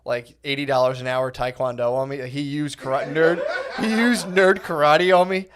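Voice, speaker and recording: Male podcast co-host, a bit higher voice, animated and profane. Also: normal speed, crowd noise. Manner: animated, profane, laughing storytelling. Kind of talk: casual chat.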